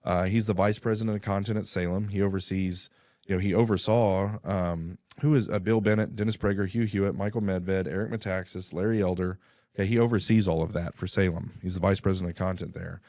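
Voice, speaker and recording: A man's voice: sits low, fairly even intonation, brisk, mellow, no room sound, clean studio sound. A man, a radio guest, telling a story in casual talk and acting out both sides of phone calls.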